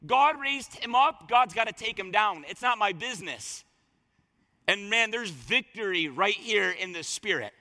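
A man's voice: extremely high pitch, bright, forceful tone, long reverb tail. A man preaching a sermon as a pastor, fervent and colloquial, repeating lines for emphasis.

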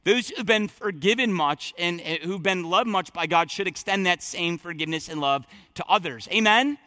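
Bright-voiced male pastor preaching. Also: sits high, normal speed, dry recording, studio quality. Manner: conversational, thinking aloud with frequent fillers and restarts; earnest, emphatic preaching. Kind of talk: sermon.

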